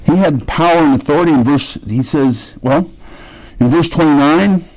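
A man's voice: a little high, normal speed, darkish tone, low-quality recording. Man preaching a conversational sermon. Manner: conversational teaching, asks the congregation questions. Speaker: pastor.

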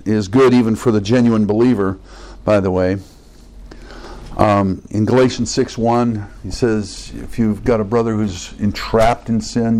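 An earnest male preacher speaks to his congregation in a conversational tone. His voice sits in a middling male pitch, and he reads scripture aloud before explaining it in plain terms. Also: darkish tone, poor audio. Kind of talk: sermon.

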